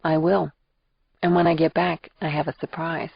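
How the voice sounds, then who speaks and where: A woman's voice: sits low, little pitch movement, normal speed, gravelly, slightly rough, no echo, dull audio, heavily acted. Woman reading as a worried male lawyer. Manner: quiet, concerned. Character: worried middle-aged male lawyer, steady and caring. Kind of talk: audiobook character reading.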